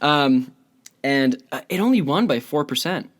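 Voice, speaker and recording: A man hosting a podcast in casual chat, lisping from his braces, scattered and quick to laugh. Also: fairly high pitch, expressive. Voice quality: lisp from braces. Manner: giggly, scattered, laughs often. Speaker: podcast host.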